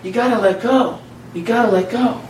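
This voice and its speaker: A man's voice: extremely high pitch, moderate pace, a little hiss or hum. A man preaching an informal sermon to a congregation, talking conversationally with repeated phrases and restarts. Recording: echoey room from far off.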